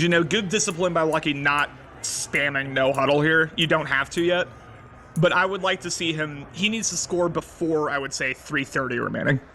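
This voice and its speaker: A young man giving casual play-by-play commentary of a video game, excitable and bursting into shouts on big plays. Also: on the high side. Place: library. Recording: noisy background.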